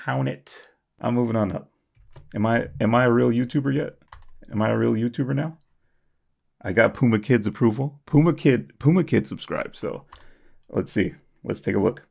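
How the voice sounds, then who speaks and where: A young man reading and reacting to comments on his channel, jokey and self-mocking, swinging from high squeals to low mutters. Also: moderate pace, gravelly, a little mellow. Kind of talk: comedic comment-reading vlog.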